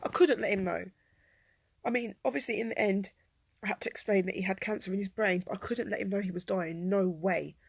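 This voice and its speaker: A woman telling a personal story to camera, rambling with many fillers and jumping between quiet and loud. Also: fairly quick, gravelly, slightly rough, no room sound. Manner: swings from low and quiet to loud and high-pitched. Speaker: vlogger telling her life story.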